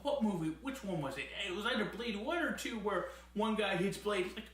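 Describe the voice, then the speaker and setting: A man's voice: high-pitched, big pitch swings, normal speed, pushed and bright. Enthusiastic man in a very echoey room. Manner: enthusiastic, rambling, laughs often. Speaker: wrestling show reviewer. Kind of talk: casual spoken review.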